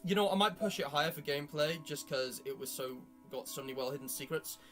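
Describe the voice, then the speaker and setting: Man, host, rambling opinions, frequent ums, slightly high voice, music clearly under him. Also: fast, a bit bright. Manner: rambling, opinionated, filler-heavy. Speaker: YouTube host. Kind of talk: casual group chat with friends.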